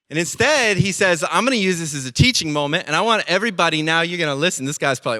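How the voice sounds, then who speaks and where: A man preaching a sermon as pastor, telling stories with lively acted-out voices. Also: fairly high pitch, fast. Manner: animated storytelling, acting out quoted voices.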